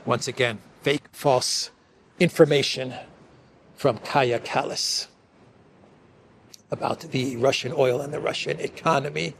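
A man's voice: medium pitch, fairly even intonation, a little slow, vocal fry, pauses often, slight background noise. A man hosting a casual commentary monologue, sarcastic, laughing often and restarting his phrases. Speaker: host.

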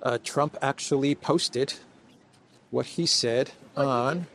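A man's voice: mid-range voice, slow pace, fairly bright tone, slight background noise. A man giving mocking, rambling political commentary while walking through an indoor food court, recorded on a handheld phone. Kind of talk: casual walk-and-talk vlog.

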